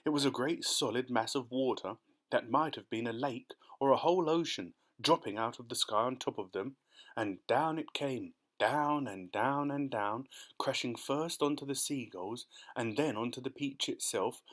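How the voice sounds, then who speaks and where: A man narrating a children's storybook audiobook in an expressive, dramatic way. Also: mid-range voice, normal speed.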